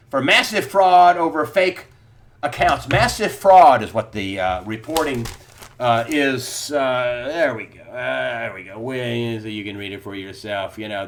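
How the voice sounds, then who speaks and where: A man's voice: medium pitch, a bit bright. A middle-aged man hosting a solo news commentary, talking in an incredulous, sarcastic way and laughing scornfully at the stories he reads.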